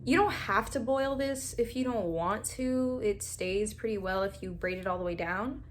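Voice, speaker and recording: A woman's voice: mid-range voice, moderate pace, slight background noise. A young woman chatting casually through a braid-styling tutorial at home, talking straight to viewers and sometimes dropping to a near whisper while she works. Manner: chatty, talks straight to viewers as "girl" and "y'all", laughs often; drops to a near whisper while twisting hair. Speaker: hair tutorial vlogger. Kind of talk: casual hair tutorial chat.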